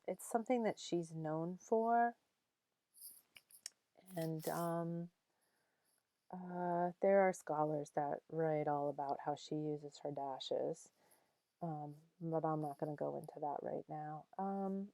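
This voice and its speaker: A woman teaching poetry in a slow, careful way, reading verse aloud and counting out the stressed and unstressed beats. Her voice sits fairly low, and it sounds close and dry with no room around it. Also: a little mellow, no room sound. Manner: unhurried, explains meter by reading lines aloud and tapping out syllables; frequent ums while thinking. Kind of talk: recorded online poetry lesson.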